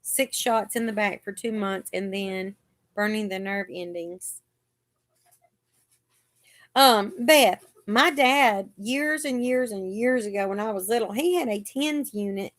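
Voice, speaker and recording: A woman hosts a casual live chat, telling stories in a chatty way and acting out the doctors' lines. Her voice is mid-range and her pace is slow.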